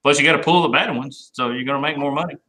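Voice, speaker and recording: A man co-hosting a casual podcast, joking and animated as he chats. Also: medium pitch, very fast. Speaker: co-host. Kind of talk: casual chat.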